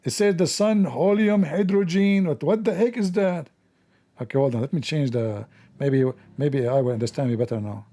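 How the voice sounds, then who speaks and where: A man's voice: a little high, moderate pace, warm tone. A man hosting a mocking religious commentary show, sarcastic and scornful, in broken English. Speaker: host.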